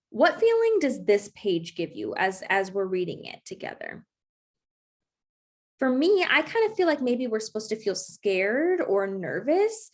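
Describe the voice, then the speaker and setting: A young woman teaching an online class, encouraging and checking in often with her students. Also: on the high side. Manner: encouraging, checks in with frequent okays.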